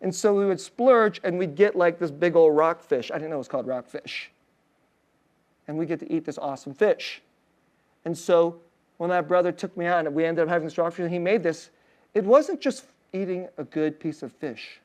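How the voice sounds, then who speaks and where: A male pastor preaching a sermon in a casual, storytelling way, full of fillers and soft laughs, dropping to a hushed tender voice on emotional points. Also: a little high, moderate pace.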